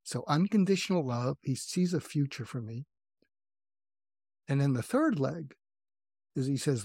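A man's voice: a little high, expressive, a little slow, gravelly, pauses often, a little mellow, husky, no room sound, clean studio sound. An older man from New England, a psychiatrist guest, telling a personal story in an earnest, reflective, self-revealing way.

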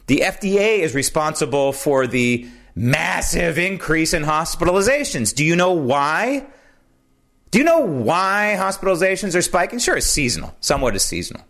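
A man hosting a political commentary show, talking in an animated, sarcastic monologue. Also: normal speed. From United States. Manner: animated, sarcastic, swings pitch for emphasis. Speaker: podcast host.

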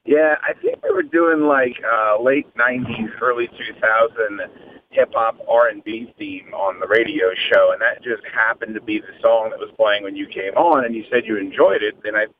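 A radio host from the Washington area in casual interview chat, relaxed and joking, heard over a phone line. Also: male voice, on the low side, normal speed, slight background noise.

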